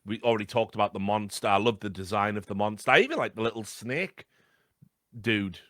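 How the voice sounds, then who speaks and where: A man's voice: on the low side, lively intonation, brisk, sharp tone, dry recording, studio quality. A man co-hosting a podcast, chatting about a film in a rambling way with lots of ums. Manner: rambling, hesitant, many fillers. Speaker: podcast co-host. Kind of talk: casual film discussion.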